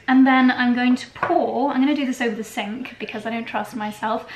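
A woman's voice: fairly high pitch, steady tone, fairly quick, few pauses. Bubbly British woman chatting in kitchen. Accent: British English. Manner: bubbly, giggly, playful with made-up words. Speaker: lifestyle vlogger. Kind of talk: casual kitchen vlog chat. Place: home kitchen. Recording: roomy kitchen echo, faint background noise.

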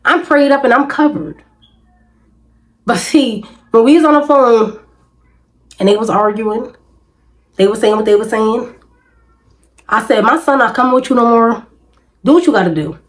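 A woman's voice: fairly high pitch, moderate pace, long pauses, low-quality recording. A woman vlogger, venting emphatically and repetitively in casual talk to camera.

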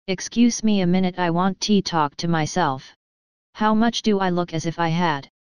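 A woman reading the lines of a fretful, flustered male royal treasurer in her own low, very smooth voice. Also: moderate pace, no echo, natural voice. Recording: dry, slightly dull lo-fi.

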